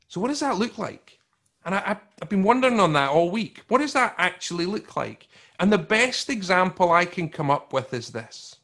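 Male pastor, slightly high voice, animated sermon delivery with hushed stretches, conversational restarts. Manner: animated preaching, swings from loud emphatic to hushed and slow; conversational, with repeated words and restarts.

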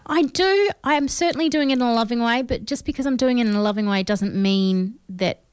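An Australian woman co-hosting a podcast, chatting casually about films in an animated, self-deprecating way. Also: on the high side, brisk, smooth, no echo, studio quality. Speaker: podcast co-host.

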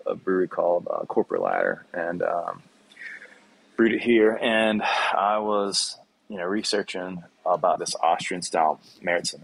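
A man's voice: deep voice, vocal fry, breathy edge, no room sound. A man who runs a small brew pub, talking in a rambling, profane, passionate way in a casual podcast interview. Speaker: brewer, brew pub owner.

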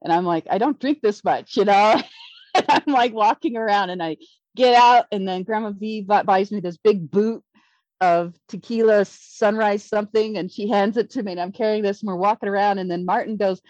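A middle-aged woman telling a rambling story in casual conversation, excited and full of restarts. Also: medium pitch, moderate pace, no echo. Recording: dull lo-fi dry recording.

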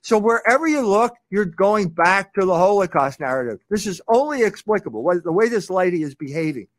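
A man's voice: high voice, sing-song, a little fast. A man commenting on a clip in a mocking manner, laughing and repeating his words.

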